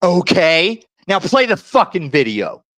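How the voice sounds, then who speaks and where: A man rants and swears over a video call, his voice pitched high. The sound is dry and close, with no room around it. He stays hostile and loud throughout. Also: very animated, a little slow, dry recording. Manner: hostile, yelling and cursing. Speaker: caller on a livestream. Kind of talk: angry ranting on a video call.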